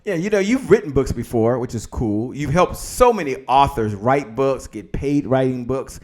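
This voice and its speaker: A man hosting a live video interview, energetic and motivational, hyping up his guest and audience. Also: mid-range voice, normal speed. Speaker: show host interviewing an author.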